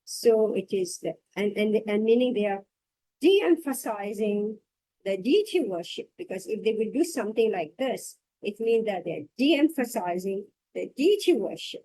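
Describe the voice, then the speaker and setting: A woman's voice: medium pitch, animated, normal speed, dark tone, low-quality recording. A woman teaching a scripture class, reading passages aloud and discussing them. She talks reflectively and repeats phrases for emphasis.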